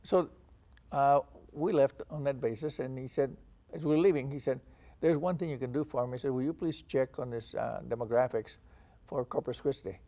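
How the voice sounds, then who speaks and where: In a dark-toned, medium-pitched voice at a moderate pace, an older Texan veteran from San Antonio tells stories of his earlier years. It's an oral history interview, and he dramatizes the conversations he relates.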